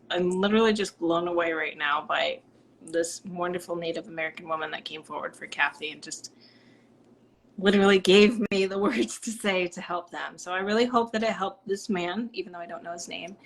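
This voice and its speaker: A Rhode Island woman hosts a live stream as a psychic medium, chatting bubbly and reading out viewer comments, sometimes dropping into soft whispers. Her voice is on the low side, with slight background noise.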